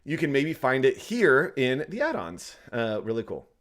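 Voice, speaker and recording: A man co-hosting a software tutorial livestream, chatting casually and rambling as he talks to the viewers. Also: medium pitch, wildly swooping pitch, moderate pace. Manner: chatty, rambling, addresses the chat.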